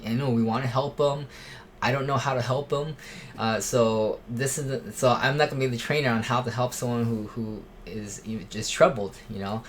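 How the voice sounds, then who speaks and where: A church safety volunteer speaks off the cuff, in a mid-range voice, about keeping watch for threats at church. He rambles, restarts sentences and relies on fillers, while a faint hiss runs beneath the recording.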